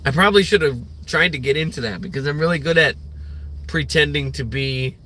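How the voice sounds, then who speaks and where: A man's voice: fairly high pitch, fairly quick, sharp tone. A young man streaming a rambling morning rant, full of fillers and swearing. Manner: rambling, profane, filler-heavy. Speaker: livestreamer.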